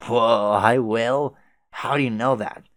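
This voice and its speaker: Guy doing a chill cussing troll clown, low voice, loud lazy drawl, dry audio. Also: brisk, no room sound, lightly acted. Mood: laid-back. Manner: drawling, easygoing, loud, profane. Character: laid-back swearing young male troll clown.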